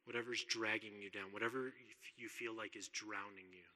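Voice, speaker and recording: Bright-voiced male preacher in a hall. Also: lowish voice, steady tone, moderate pace, few pauses. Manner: earnest, conversational, repeats words when emphasizing. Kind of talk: sermon.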